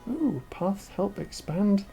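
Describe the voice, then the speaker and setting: A woman's voice: medium pitch, sing-song, slow, vocal fry, dark tone, soft background music. A woman VTuber giving casual, chatty commentary as she plays a game, talking to herself and laughing. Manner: chatty, talks to herself while playing, laughs often. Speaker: VTuber streamer.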